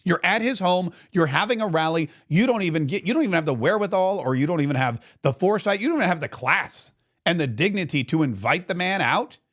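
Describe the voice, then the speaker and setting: A man with a fairly high voice hosts a political commentary show. He sounds indignant and animated and keeps circling back on his own phrases. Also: fast. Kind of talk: opinionated commentary.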